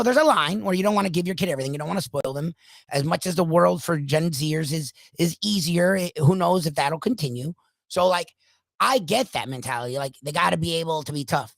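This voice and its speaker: A man hosting a talk radio show, ranting in a casual, animated way and acting out the people he quotes. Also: on the high side, creaky, dry recording.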